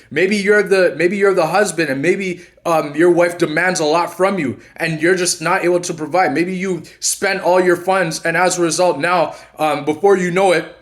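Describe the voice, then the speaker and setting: A man's voice: high-pitched, fairly bright tone. A man hosting his own channel, talking casually to viewers about narcissism, rambling with many restarts and repeated phrases. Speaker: channel host, narcissism coach.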